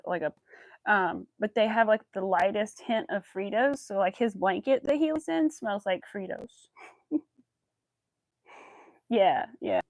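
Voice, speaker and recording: A woman's voice: mid-range voice, no echo. A woman crochet vlogger chatting casually to her viewers and her dog, cooing baby talk at the pet.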